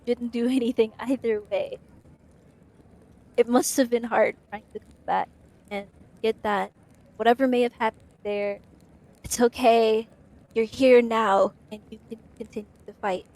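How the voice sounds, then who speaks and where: A woman voicing a gentle young woman in a tabletop game, soft, quiet and soothing. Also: a little high, fairly even intonation, measured pace, long pauses.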